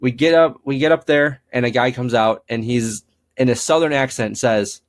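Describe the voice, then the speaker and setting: A young man talks through his ghost-hunting past in a loose, rambling way, full of "um" and "like." He slips into little voices when he quotes people. His pitch sits in the middle range for a man. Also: normal speed. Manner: rambling, frequent fillers, acts out quoted dialogue. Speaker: paranormal investigator guest. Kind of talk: casual storytelling interview.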